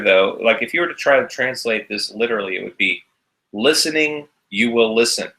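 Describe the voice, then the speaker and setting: A man's voice: fairly low pitch, bright, forceful tone, low-quality recording. A man teaching a recorded class, explaining each step patiently. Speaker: Hebrew teacher.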